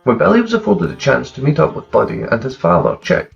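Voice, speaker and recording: A man narrating a dark crime story in a steady, plain manner. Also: mid-range voice, fast talker, vocal fry, distant mic. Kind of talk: dark crime fiction reading. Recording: slightly dull recording with faint guitar.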